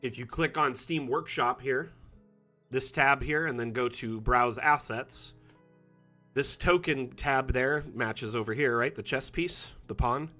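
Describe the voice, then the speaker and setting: A man's voice: medium pitch, measured pace, pushed and bright, faint music behind. A middle-aged man chatting casually on a live stream, with many fillers and restarts. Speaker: community manager streaming a map build.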